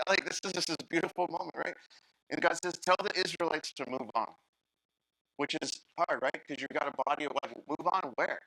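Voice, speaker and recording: A man preaching a sermon as a guest pastor, telling the story in an animated way and acting out the characters' lines while talking straight to the congregation. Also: a little high, moderate pace, dry recording, low-quality recording. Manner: animated storytelling, acts out Bible characters in voices; talks to the congregation directly.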